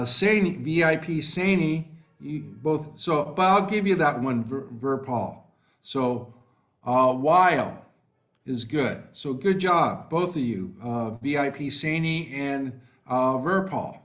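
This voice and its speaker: A man teaching a live online class. He reads out student answers and praises them by name, talking slowly with many fillers. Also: medium pitch, a bit bright. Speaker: online English tutor. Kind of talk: live online class, reading chat replies.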